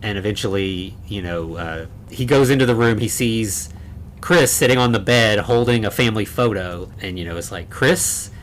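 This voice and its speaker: A man's voice: on the low side, normal speed, slight background noise. A man co-hosting a horror podcast, recapping a film in casual chat, rambling with many fillers and restarts. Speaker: podcast co-host.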